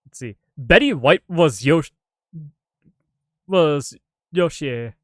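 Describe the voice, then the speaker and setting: Joking male streamer, slightly high voice. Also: lively intonation, slow, fairly bright tone, no room sound. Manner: rambling, joking, swears casually. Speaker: live streamer. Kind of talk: casual live-stream chat while gaming.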